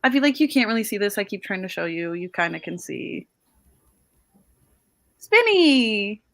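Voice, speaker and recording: Young woman, host of a reading chat over a video call; bright, chatty, quick to laugh at herself. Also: mid-range voice, expressive, vocal fry. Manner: chatty, laughs often, self-deprecating. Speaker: host of a reading sprint stream. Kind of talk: casual chat.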